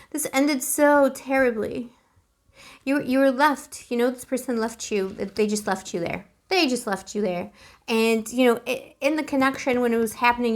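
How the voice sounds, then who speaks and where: A fairly high-voiced woman reads tarot cards in a loose, conversational way. She gets emotional as she goes and sprinkles pet names like boo throughout. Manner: chatty, emotional, calls the listener boo. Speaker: tarot reader. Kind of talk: casual tarot reading to camera.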